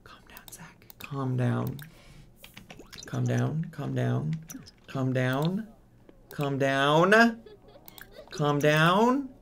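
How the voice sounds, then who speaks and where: An exasperated man narrating his game in a slow, unhurried way, his voice gravelly with creak. He talks casually and keeps scolding the characters on screen, with faint keyboard clicks behind him. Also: medium pitch, fairly bright tone, slight background noise. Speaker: gaming streamer. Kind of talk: casual let's-play commentary.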